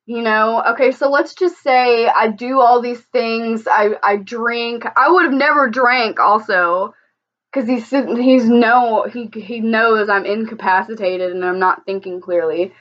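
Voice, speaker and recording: A woman's voice: a little high, unhurried, a bit bright, muffled recording. A woman giving casual reaction commentary in a blunt, heated, profane way, often restarting her sentences. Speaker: vlogger reacting to a video.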